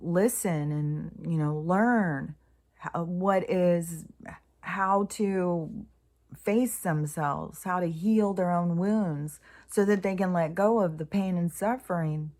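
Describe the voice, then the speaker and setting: A woman with a lowish voice talks to herself as much as to her listeners. She rambles and restarts as she thinks aloud, and her voice sometimes falls to a soft, near-whispered hush. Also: slow. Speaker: spiritual vlogger. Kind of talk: casual spiritual musing.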